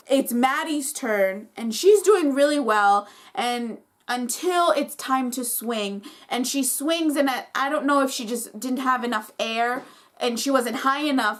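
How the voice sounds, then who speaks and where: Opinionated woman recapping reality TV. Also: fairly high pitch. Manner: opinionated, fired up, lots of "like". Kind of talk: casual episode recap.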